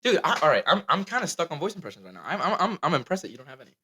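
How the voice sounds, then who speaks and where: A man's voice: fairly high pitch, slightly rough. A young man co-hosting a podcast in casual, joking chat, swearing freely. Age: young adult. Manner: animated, swearing, quick joking. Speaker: podcast co-host.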